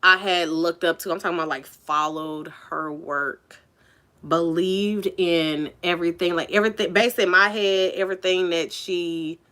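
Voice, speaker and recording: A woman's voice: on the low side, fairly even intonation, moderate pace, pushed and bright. A woman telling a personal story in a casual vlog, chatty and candid, full of "like" and "you know".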